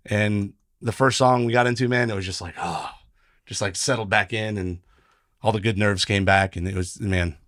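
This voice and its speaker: A man's voice: on the low side, fairly bright tone, no echo, studio quality. A young man, a musician guest, telling stories in a rambling, emotional, casual way. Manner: fast, rambling, emotional storytelling with restarts. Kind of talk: casual chat.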